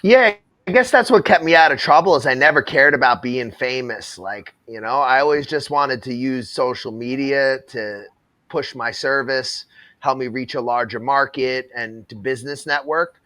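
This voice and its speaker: A man's voice: medium pitch, moderate pace, pushed and bright, no echo. A man hosting a casual reaction chat, talking bluntly and laughing at the clips he watches.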